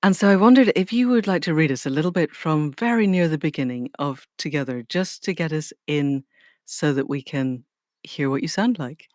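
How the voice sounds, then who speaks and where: A woman's voice: deep voice, moderate pace, darkish tone, no room sound, studio quality. A woman hosting a podcast, introducing her guest and asking questions with effusive enthusiasm. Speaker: podcast host.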